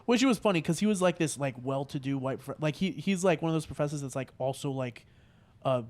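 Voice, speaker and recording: A man's voice: on the high side, animated, quick pace, a little mellow. A young man on a podcast in loose, profane casual chat, full of fillers and jokes. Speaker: podcast co-host.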